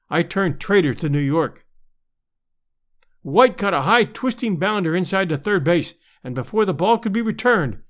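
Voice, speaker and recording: Lively, animated male story narrator. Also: high voice. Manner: lively, expressive storytelling with voiced crowd shouts. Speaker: audiobook narrator. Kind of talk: dramatic scripted narration.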